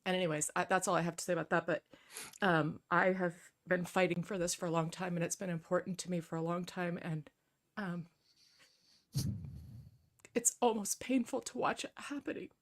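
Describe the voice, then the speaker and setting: A woman's voice: on the low side, little pitch movement, a little fast. A woman speaking emotionally on a community livestream, effusive and close to tears, rambling as she thanks everyone. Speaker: community member. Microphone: handheld mic held close.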